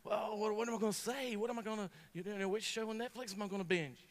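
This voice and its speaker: A man preaching a sermon. He tells stories in a folksy, joking way, swinging between punchy bursts and quiet asides. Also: high voice, fast. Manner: folksy, humorous, animated storytelling.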